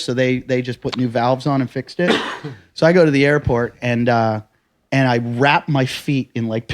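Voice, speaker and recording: A man from the United States, a comedian and podcast host, telling a story in casual chat, swearing often and bursting into shouted quotes. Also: medium pitch.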